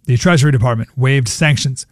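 A man's voice: mid-range voice, brisk, no room sound. Man reading radio news headlines, punchy and opinionated, dry studio sound.

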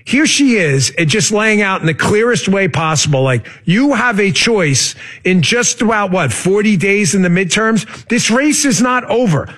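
A man with a high, somewhat husky voice hosts a casual political talk show. He talks in an animated way, turns sarcastic, and sometimes leaps up into shouting. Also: moderate pace, few pauses.

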